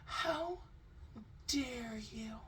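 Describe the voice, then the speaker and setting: A woman putting on a prissy, self-pitying young man who whines in a raised, drawn-out voice, clutching his pearls at every question. He sounds heard from a distance, with a faint hum of background noise. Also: fairly high pitch, fairly bright tone, pitched above the performer's own voice. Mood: prissy indignant. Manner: slow, drawn-out, mock-indignant. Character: prissy, whiny young man playing innocent.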